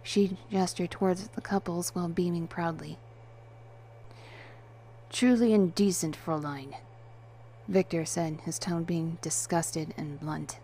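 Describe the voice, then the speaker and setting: A woman's voice: fairly low pitch, little pitch movement, normal speed, few pauses, warm tone, a little hiss or hum. A woman narrating a first-person story in a dry, wry and detached manner.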